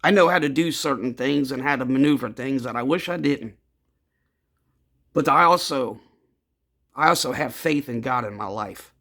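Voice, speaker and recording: A man telling his own story in a casual, rambling and blunt way, cursing freely and addressing his listeners as gentlemen. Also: mid-range voice, moderate pace, gravelly, long pauses.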